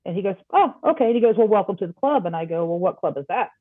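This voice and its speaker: A woman guest on a podcast, telling a personal story in a casual, animated way and acting out the dialogue. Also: medium pitch, very fast, dry recording. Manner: animated, acts out quoted dialogue. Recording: tinny phone-like line.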